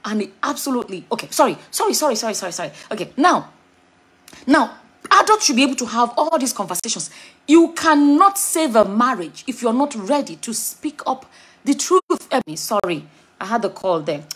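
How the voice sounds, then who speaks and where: Husky-voiced Nigerian woman vlogging. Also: a little high, sing-song, fairly quick, fairly bright tone. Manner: chatty, digressive, frank. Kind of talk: casual commentary to camera.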